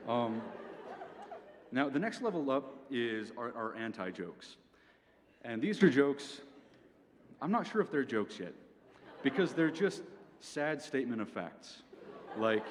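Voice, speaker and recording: A man's voice: mid-range voice, big pitch swings, moderate pace, long pauses. A young man giving a comic presentation at an event, with a dry delivery that tags his points with "okay?". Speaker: speaker at a student event. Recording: reverberant hall, faint background noise.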